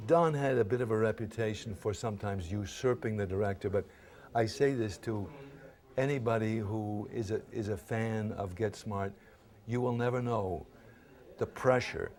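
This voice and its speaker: An older man from Brooklyn, an actor being interviewed, telling lively anecdotes and acting out the lines he quotes. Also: lowish voice. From Brooklyn, New York. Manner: lively storyteller who acts out quoted lines.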